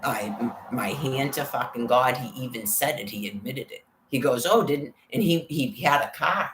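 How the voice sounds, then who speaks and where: A woman's voice: rumbling low, moderate pace, a bit bright. A woman vlogger telling a rambling, profane story about being harassed, in an agitated way. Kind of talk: rambling personal rant. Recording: roomy with faint background noise.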